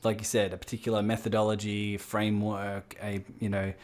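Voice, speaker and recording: A man's voice: lowish voice, completely flat delivery, brisk, a little mellow. A man hosting an interview, thoughtfully restating and building on his guest's points in casual talk. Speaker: podcast host.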